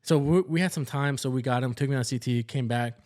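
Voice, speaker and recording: A man's voice: medium pitch, fast. A young man, a nurse co-hosting a podcast, telling a work story in casual chat and acting out the people he quotes. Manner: animated, acts out quoted people. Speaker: podcast co-host, ICU nurse.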